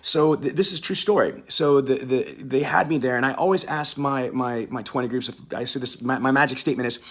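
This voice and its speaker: A man's voice: mid-range voice, brisk, a bit bright. A male sales trainer coaching a live online audience in an emphatic, repetitive, hyped-up way with chatty slang asides.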